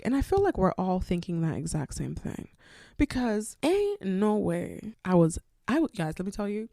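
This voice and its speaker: A young adult woman hosting a solo podcast, chatting in an animated way with lots of filler words. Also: fairly low pitch, no echo, studio quality. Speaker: podcast host. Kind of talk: casual solo podcast chat.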